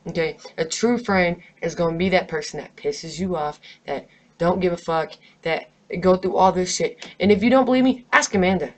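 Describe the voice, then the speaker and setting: A woman's voice: on the low side, moderate pace. A stressed, angry woman vlogger in an unscripted, profanity-heavy rant delivered straight to camera. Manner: profane, emphatic, heated.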